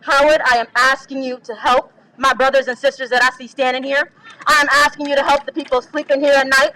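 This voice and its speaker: Young woman student, bright, high voice, emphatic protest speech at an outdoor rally. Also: level tone, fairly quick, rough recording. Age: young adult.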